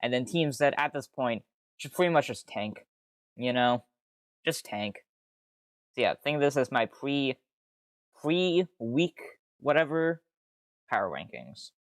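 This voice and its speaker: A man's voice: mid-range voice, sing-song, measured pace, pauses often, dry recording, clean studio sound. Rambling, swearing young male streamer. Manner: rambling, easily sidetracked, swears freely, exasperated outbursts. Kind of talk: casual live-stream commentary.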